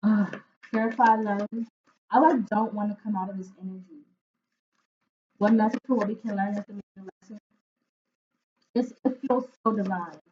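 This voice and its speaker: A woman's voice: mid-range voice, normal speed, pauses often, dark tone, slight background noise. A woman giving a spoken tarot reading, earnest and emotional, often searching for words and tagging lines with "right?" and "like". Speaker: intuitive tarot reader. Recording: phone-like narrow sound.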